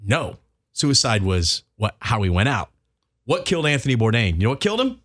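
A man's voice: medium pitch, big pitch swings, fairly quick, fairly bright tone. A man hosting a casual chat with friends, going off on mock-dramatic rants. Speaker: podcast host. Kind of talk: casual banter among friends.

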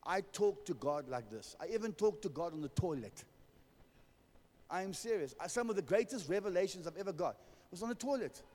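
High-voiced pastor preaching. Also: male voice, lively intonation, a little fast, darkish tone, big-room sound. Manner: storytelling, humorous, calls for amens. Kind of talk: sermon.

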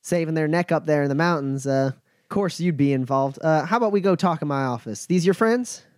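A man voicing a weathered mid-fifties woman, a former drifter now mayor, who talks in a brisk, friendly, no-nonsense way. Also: a little high, a little mellow, no room sound, studio quality, lightly acted. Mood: warm, brisk.

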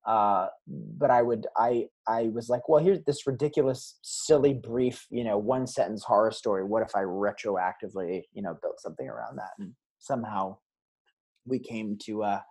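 A man as a guest on a casual podcast interview, rambling through animated stories. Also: on the low side, normal speed, gravelly, slightly rough. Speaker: guest filmmaker.

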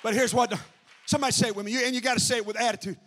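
A man preaching an impassioned revival sermon, shouting and calling out to the congregation. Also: extremely high pitch, steady tone, very fast.

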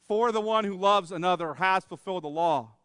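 A man's voice: high-pitched, brisk, a bit bright, smooth, dry recording, studio quality, big-room sound. A man preaching a sermon as pastor, emphatic, asking rhetorical questions and acting out little scenes. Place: church sanctuary.

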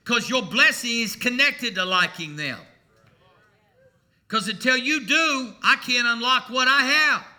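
A man's voice: very high voice, measured pace, pushed and bright. A man preaching a sermon to his congregation in a folksy, emphatic way, mixing humor into his message. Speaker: pastor. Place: church before a congregation.

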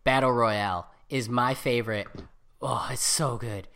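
A man co-hosting a casual chat, excitable and rambling, cracking jokes as he goes. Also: medium pitch, measured pace, gravelly. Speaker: podcast co-host. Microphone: computer setup with camera.

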